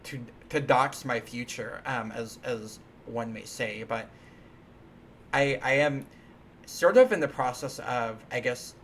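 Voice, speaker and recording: A man's voice: mid-range voice, slow, a bit bright, a little hiss or hum. A man hosting a live stream, chatting casually while coding, rambling and playful, with many restarts and fillers. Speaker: livestream host.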